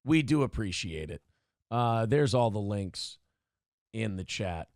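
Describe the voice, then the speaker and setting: Sarcastic radio host guy roasting trolls in chat, kinda high gravelly voice, dry close mic. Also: lively intonation, takes it slowly, a little mellow, no echo. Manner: reads out chat comments. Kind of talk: live-stream donation appeal.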